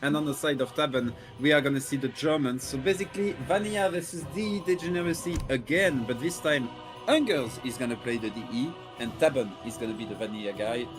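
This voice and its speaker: Male esports caster, mid-pitched, hesitant fillers, animated bursts, faint background music. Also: brisk. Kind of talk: live game commentary.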